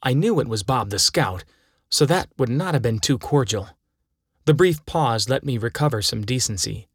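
A man narrating a humorous short story aloud in a deadpan, wry manner. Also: mid-range voice, moderate pace, husky, no echo, studio quality.

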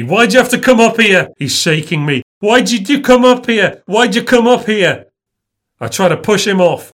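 A man reading a first-person ghost story in a measured, tense manner. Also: medium pitch, a bit bright.

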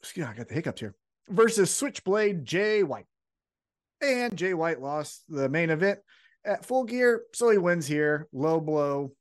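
Man, podcast co-host, lively swooping pitch, acts out quotes. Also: a little slow. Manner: animated storytelling, acts out quotes in higher voice. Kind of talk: casual wrestling recap chat.

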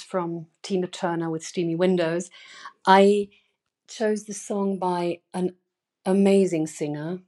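Female newsletter host reading aloud at home; slow, earnest, leaning hard on key words. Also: on the low side, steady tone, warm tone. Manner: earnest, emphatic reading with sudden stressed words. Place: bedroom.

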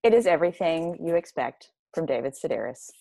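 A woman's voice: low voice, lively intonation, brisk, creaky, mellow, no echo. A woman enthusiastically recommending books in a casual podcast chat. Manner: bubbly, enthusiastic. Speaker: book recommender.

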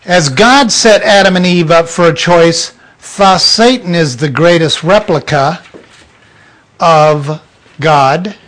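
A man's voice: fairly high pitch, slow pace, a bit bright. A man preaching an informal sermon to a small group, blunt and emphatic, acting out little scenes.

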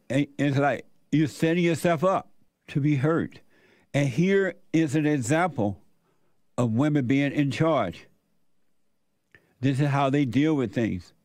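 A man's voice: mid-range voice, a little mellow, no room sound. An older man hosting a radio talk show, preaching his opinions in an emphatic, repetitive way.

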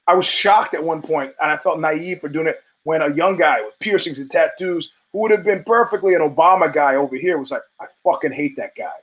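A man's voice: a little high, brisk, hardly any pauses, a bit bright, low-quality recording. A man hosting a podcast, telling stories in a casual, profane monologue and acting out the people he quotes. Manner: profane storytelling with acted-out quotes. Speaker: podcast host.

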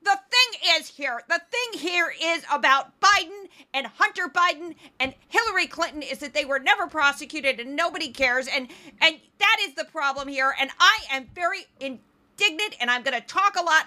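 A woman voicing a loud, indignant young female TV pundit who rants in a shrill, self-righteous way. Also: animated, moderate pace, full character voice.

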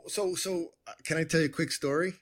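A man hosting a conversation, telling a personal story in a rambling, animated way with many restarts. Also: a little high, quick pace. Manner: rambling, self-interrupting, animated. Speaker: podcast host.

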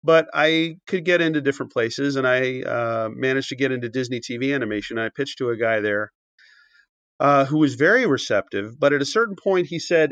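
A man's voice: mid-range voice, a little fast, a bit bright, no echo. A man telling a long anecdote as a podcast guest, with many fillers and restarts, acting out quoted dialogue. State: briefly choked up. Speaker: podcast guest, author and animation writer. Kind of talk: conversational storytelling. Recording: dull, dry podcast audio.

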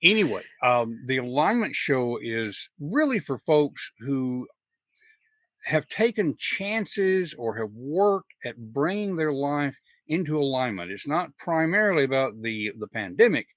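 A man's voice: medium pitch, sing-song, unhurried, no room sound, studio quality. A middle-aged man with a Southern US accent hosting a podcast interview in a folksy, chatty way, often restarting his sentences. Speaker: podcast host. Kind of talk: casual interview chat.

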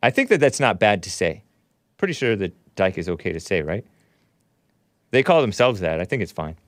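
A man with a low, sing-song voice hosts a call-in radio show, briskly reading posts aloud and mocking them in a scornful, sarcastic, rambling way. It's opinionated call-in talk, captured as a dry recording with clean studio sound.

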